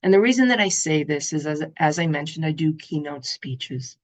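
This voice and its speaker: Expressive woman giving a motivational talk. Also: low-pitched, normal speed. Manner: expressive, animated storytelling. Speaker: motivational speaker. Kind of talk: summit talk to an online audience.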